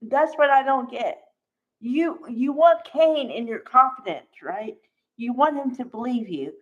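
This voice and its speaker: A woman's voice: high-pitched, lively intonation, unhurried. A woman casually recapping a soap opera for her viewers, chatty and full of fillers and asides. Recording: dull lo-fi recording.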